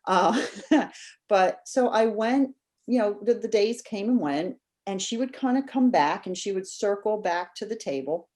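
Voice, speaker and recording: A woman guest on a podcast, telling a story in a casual, animated way and acting out the voices of people she quotes. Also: medium pitch, a little slow.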